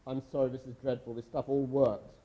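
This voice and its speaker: A man's voice: medium pitch, level tone, fairly quick, muffled recording. A man from Europe giving a university lecture in a conversational way, with frequent restarts and asides. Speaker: guest lecturer.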